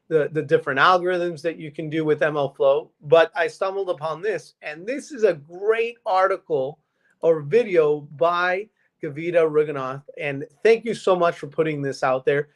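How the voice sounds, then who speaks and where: Casting: man, somewhat high voice, eager co-host reeling off tech features. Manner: eager, rapid list-making. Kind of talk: casual tech recommendation.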